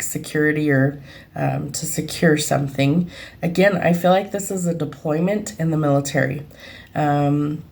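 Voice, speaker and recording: A young adult woman working as a medium, giving an unscripted reading and thinking aloud with frequent pauses and ums. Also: low voice, a little mellow.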